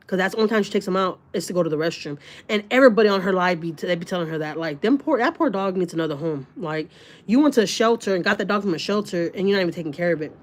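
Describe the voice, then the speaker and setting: Blunt, cursing woman chatting on a livestream. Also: medium pitch. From Texas, USA. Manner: blunt, swears freely, talks fast with many fillers. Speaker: livestream host. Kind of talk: casual livestream chat reading comments.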